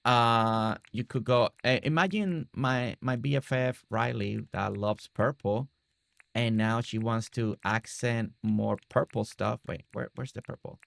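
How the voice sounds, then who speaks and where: Gravelly-voiced man streaming a game. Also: mid-range voice, measured pace. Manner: excited, rambling, many restarts. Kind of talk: casual game livestream commentary.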